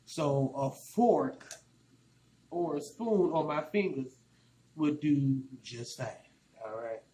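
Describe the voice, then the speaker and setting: A man's voice: a little high, slow, dark tone, reverberant, a little hiss or hum, rough recording. A man from Arkansas with a Southern accent, rambling casually while he walks through a cooking tutorial in his home kitchen. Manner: chatty, rambling, colloquial. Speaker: cooking vlogger.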